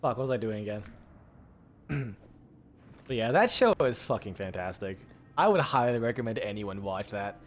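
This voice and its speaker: Rambling, excitable male streamer. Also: on the low side, moderate pace, long pauses. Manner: rambling, filler-heavy, swears freely. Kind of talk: casual chat with stream viewers.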